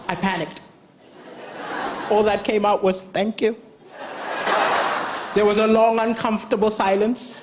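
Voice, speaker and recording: A man from Malawi doing stand-up comedy on a talent show stage, telling punchy stories with acted dialogue and pauses for laughs. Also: high-pitched, little pitch movement. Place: large theatre stage with audience. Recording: broadcast stage mic with crowd noise. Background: loud audience laughter and cheers.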